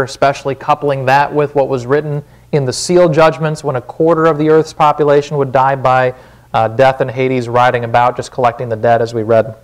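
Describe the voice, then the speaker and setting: A man with a Wisconsin accent preaching a sermon in a church, casual and conversational, often asking "right?". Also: medium pitch. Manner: conversational, frequent "right?" check-ins. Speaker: pastor.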